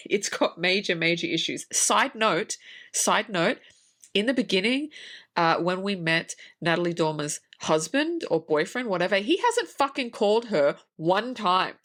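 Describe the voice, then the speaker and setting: An Australian woman co-hosting a podcast, reviewing a movie in casual chat, animated and swearing freely. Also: medium pitch. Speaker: podcast co-host.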